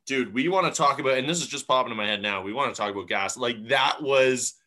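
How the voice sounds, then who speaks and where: A young man co-hosting a podcast, chatting casually and putting on quick impressions of the people he talks about. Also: mid-range voice, pushed and bright. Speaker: podcast co-host. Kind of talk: casual recap chat.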